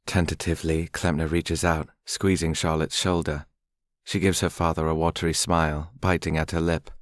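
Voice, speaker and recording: A man narrating a romance audiobook in a measured, even storytelling manner. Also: very deep voice, no room sound, studio quality. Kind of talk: scripted narration.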